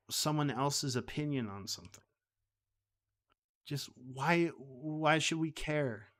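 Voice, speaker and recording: A man's voice: fairly high pitch, fairly bright tone. A man hosting a live stream, talking casually in a rambling, heated way with many restarts. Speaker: streamer host.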